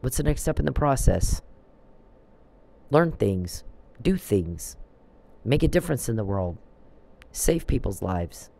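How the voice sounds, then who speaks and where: A man's voice: mid-range voice, sing-song, unhurried, creaky, pauses often, dark tone, low-quality recording. A man delivering a preachy, emphatic religious monologue and quoting scripture.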